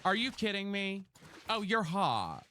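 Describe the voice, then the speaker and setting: A woman chatting casually with viewers while streaming a game, playful and quick to thank people for gifts, just over an ear and respiratory infection. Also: mid-range voice, big pitch swings, over loud music. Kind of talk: casual live-stream chat while gaming.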